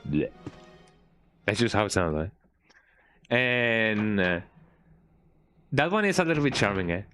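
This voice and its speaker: A man's voice: on the low side, big pitch swings, measured pace, fairly bright tone, soft background music. A man giving casual, rambling gameplay commentary while streaming, often tagging his sentences with "eh?" and restarting them. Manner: rambling, frequent "eh?" tag and restarts.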